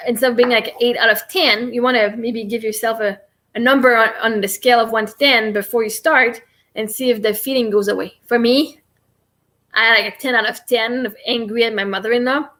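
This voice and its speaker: A woman's voice: fairly high pitch, steady tone, a little fast, fairly bright tone. A woman talking casually to camera as a vlogger, in a meandering, self-interrupting way, with a native French speaker's English.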